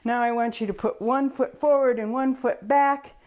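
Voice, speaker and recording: A woman's voice: a little high, steady tone, moderate pace, a little mellow. A woman reading a picture book aloud and coaching children through yoga poses in a patient, encouraging way. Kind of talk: storybook reading with kids' yoga instruction.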